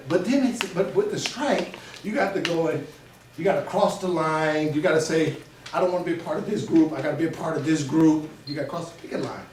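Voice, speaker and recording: Animated man, echoey far-off room. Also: on the high side. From Oakland, California. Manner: animated storyteller, acts out his own dialogue, laughs often. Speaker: motivational speaker. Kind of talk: motivational talk to students. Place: school hall or classroom. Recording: echoey room, speaker far from camera, noisy.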